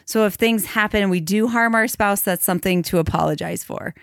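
A woman in her thirties co-hosting a faith podcast, talking in a thoughtful, measured way and slowing down to spell out examples. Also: mid-range voice, clear, resonant tone, no echo, studio quality. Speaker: podcast co-host. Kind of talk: casual conversation about marriage and faith.

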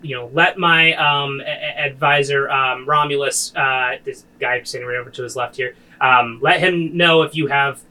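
A man's voice: medium pitch, fairly even intonation, normal speed, few pauses, bright, forceful tone, poor audio. A man voicing a weary, thoughtful male leader of a small settlement, in a rambling way.

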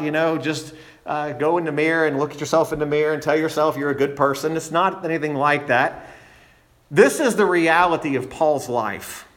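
Pastor preaching with rising emphasis. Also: male voice, on the high side. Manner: earnest, builds emphasis, frequent restarts. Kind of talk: sermon. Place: church.

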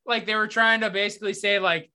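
A man hosting a casual podcast, telling stories with lots of profanity and animated retellings. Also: sits high, quick pace, clean tone. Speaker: podcast host. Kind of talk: casual sports podcast chat.

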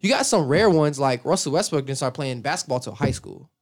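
A man's voice: fairly high pitch, animated, brisk. A young man hosting a podcast, chatting casually in a rambling, laid-back way with casual swearing. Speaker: podcast host. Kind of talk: casual chat.

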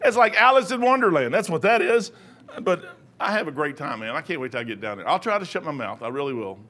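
High-voiced, rambling, joking preacher man. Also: big pitch swings, quick pace, pushed and bright. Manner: rambling, jokey asides. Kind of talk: sermon.

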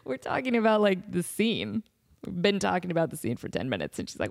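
Animated woman host in her thirties, casual storytelling, giggly and upbeat. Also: lowish voice, fairly quick, vocal fry. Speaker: podcast host.

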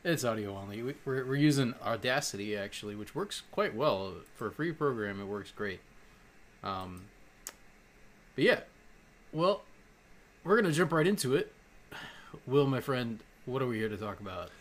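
A man's voice: medium pitch, expressive, normal speed, pauses often. A man co-hosting a podcast in a casual, jokey, upbeat way, laughing often. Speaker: podcast co-host.

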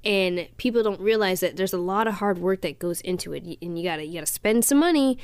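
A woman's voice: lowish voice, fast talker, darkish tone, clean tone. A woman voice actress in a casual chat, speaking earnestly and laughing easily.

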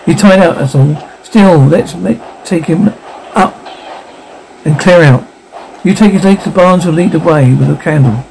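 A brusque, take-charge man, as the narrator reads him barks short, rough orders with a strident edge. The voice is gravelly and dark in a spooky storybook. This is a plain read with little disguise. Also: on the high side, unhurried, slight background noise, poor audio. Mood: urgent. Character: brusque, commanding young man, urgent.

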